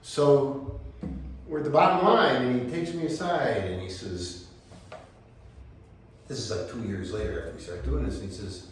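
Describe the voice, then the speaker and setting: A man's voice: mid-range voice, moderate pace, pauses often, a little hiss or hum. Older American man telling stories live. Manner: animated anecdotes, quotes others in voices. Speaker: storyteller at a library talk. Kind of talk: live storytelling talk. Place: library event space. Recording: echoey room, mic from a distance.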